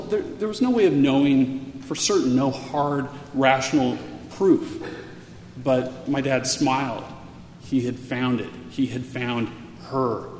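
A man telling a personal story aloud in an earnest, halting way, often repeating words as he goes. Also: medium pitch, a little mellow, slight background noise. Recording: echoey hall with faint ambience.

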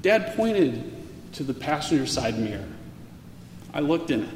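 A man telling a personal story aloud in an earnest, halting way, often repeating words as he goes. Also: mid-range voice, a little mellow, a little hiss or hum. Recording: echoey hall with faint ambience.

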